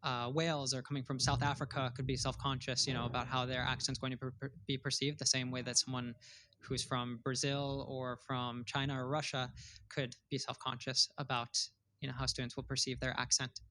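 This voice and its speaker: A man hosting an interview, asking long, measured questions. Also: medium pitch, level tone, pushed and bright, a little hiss or hum. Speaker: interviewer and host.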